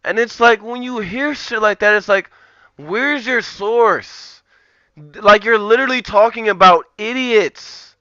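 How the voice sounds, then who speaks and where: A man's voice: sits high, unhurried, sharp tone, clean tone, no room sound. A man ranting in casual commentary, rambling and profane, with lots of filler words. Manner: profane, rambling, heavy use of "like". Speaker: streamer. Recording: dull lo-fi, dry.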